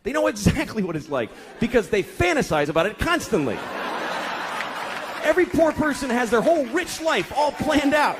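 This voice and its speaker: A man's voice: extremely high pitch, very animated, normal speed. A middle-aged man doing a stand-up comedy routine, telling profane, exasperated stories and acting out voices. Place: comedy club stage. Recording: live club recording with crowd laughter and noise. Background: audience laughing.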